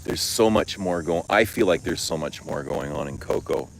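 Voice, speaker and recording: Low-voiced middle aged dude from canada, rambling live chat, swears and laughs a lot. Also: male voice, normal speed, gravelly, slight background noise, low-quality recording. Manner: swears freely, laughs, animated storytelling. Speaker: fragrance vlogger. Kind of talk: casual livestream chat answering comments.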